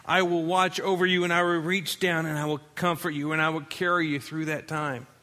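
A preacher voicing God as a gentle male figure who gives soothing promises of comfort. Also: fairly high pitch, little pitch movement, brisk.

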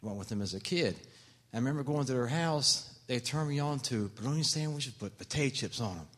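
Fast-talking, folksy man. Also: medium pitch, animated, fairly bright tone. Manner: rambling, folksy. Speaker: church member sharing a memory. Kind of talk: casual reminiscence.

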